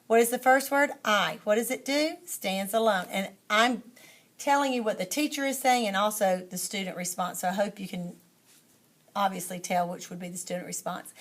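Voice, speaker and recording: A woman teacher trainer demonstrating a classroom lesson, modeling call-and-response reading drills and explaining the method to other teachers. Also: on the high side.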